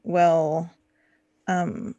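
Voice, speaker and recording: A woman's voice: on the low side, level tone, drawn-out words, dark tone, dry recording, muffled recording. A woman chatting playfully on a live gaming stream and laughing often while she answers questions. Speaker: guest streamer from a gaming channel. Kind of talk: casual stream chat.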